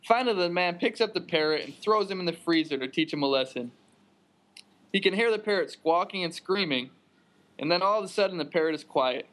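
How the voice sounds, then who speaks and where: A man with a high, slightly bright voice co-hosts a podcast. The talk is casual, easygoing chat, and he laughs often.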